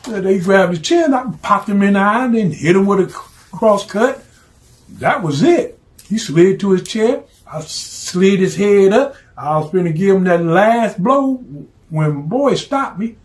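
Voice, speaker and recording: Streetwise guy telling a story, cussing, blunt, slightly high voice. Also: animated, a little slow.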